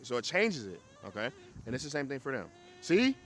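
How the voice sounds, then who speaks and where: The speaker is a man with a Chicago accent instructing a group of dog owners in a casual, blunt way, with swearing and frequent checks that people understand. His mid-range voice is sing-song, bright and forceful, delivered at a quick pace.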